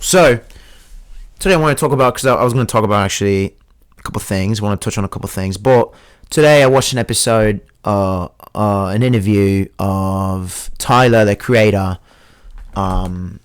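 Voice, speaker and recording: Man rambling in a made-up British-Australian accent. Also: on the low side. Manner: crude, rambling and self-mocking. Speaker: host. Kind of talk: joking solo podcast monologue.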